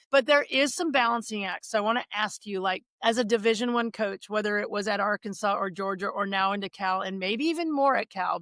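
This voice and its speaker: A middle-aged woman hosting a podcast interview, telling an animated story full of acted quotes. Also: on the high side, no echo. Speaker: podcast host. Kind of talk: casual interview chat.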